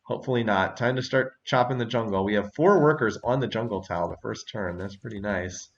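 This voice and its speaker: Low-voiced male gameplay host, chatty and quick to laugh, muffled lo-fi mic, mouse clicks behind. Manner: chatty, laughs often, thinks aloud. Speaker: let's-play host. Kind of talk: casual gameplay commentary.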